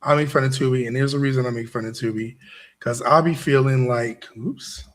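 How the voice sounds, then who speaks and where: Speaking briskly at a medium pitch with fairly even intonation, a man hosts a show and motivates a live crowd. He hammers points home, repeats himself, and keeps asking the audience "right?"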